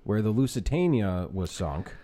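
A man telling a story in casual chat, animated and profane, often laughing. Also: fairly low pitch, moderate pace. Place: bar room.

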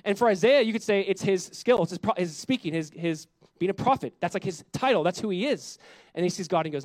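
A man's voice: on the high side, a little fast, no room sound, poor audio. A man who is a pastor, preaching a sermon in an earnest, conversational way that builds in intensity.

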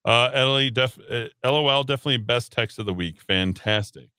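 A man's voice: medium pitch, fairly quick, bright, forceful tone, smooth, dry recording, clean studio sound. A man hosting a talk radio show, reading listener texts aloud with sarcastic jokes. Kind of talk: casual radio banter.

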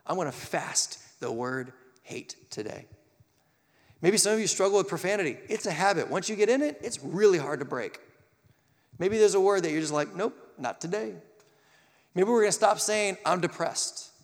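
Male youth preacher, high voice, lively delivery, echoing hall. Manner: animated, acts out quoted voices. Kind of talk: sermon. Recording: long hall reverb.

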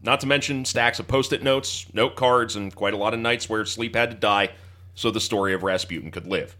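A man's voice: fairly low pitch, brisk, sharp tone. A young man hosting a history podcast, mixing dry, mock-formal jokes with earnest thanks to his listeners. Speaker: podcast host. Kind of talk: casual podcast chat and scripted sign-off.

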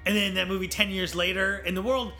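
A man's voice: high voice, steady tone, fast, bright, forceful tone, faint music behind. A man hosting a film podcast in casual chat, opinionated and steering the talk with questions. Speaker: podcast host.

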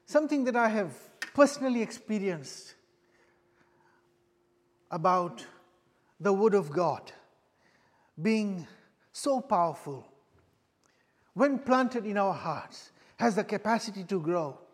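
A man with a high voice preaches and tells his own testimony. He sounds earnest and halting, and he often restarts and repeats his phrases. His voice rings with the long reverb of a church hall. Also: sing-song. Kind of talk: sermon with personal testimony.

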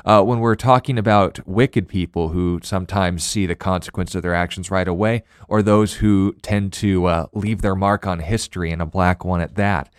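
A man co-host on a ministry radio show, answering a listener's question in a measured, explanatory way and reading scripture aloud. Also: deep voice, steady tone, clear, resonant tone, no echo, clean studio sound. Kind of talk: radio Bible teaching.

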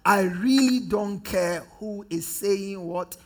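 A pastor from Ghana with a high-pitched voice preaches slowly, leading his congregation in call-and-response. He swings between loud declarations and hushed repetition.

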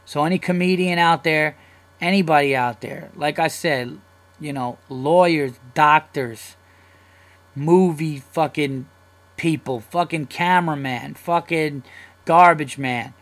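Young male New podcast host, casual profane solo rant, excitable rambler. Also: on the high side, slow.

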